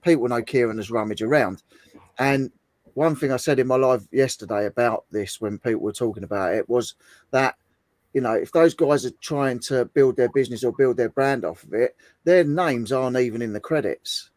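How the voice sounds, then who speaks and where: A man's voice: mid-range voice, normal speed, darkish tone, dry recording. A man, a guest on a casual live chat, talking in an earnest, emphatic way that repeats itself.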